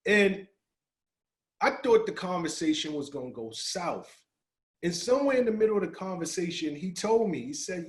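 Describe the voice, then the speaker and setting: A man's voice: a little high, fairly quick. A middle-aged man, a podcast guest, telling a personal story in casual talk and acting out the dialogue. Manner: animated, acts out quoted dialogue.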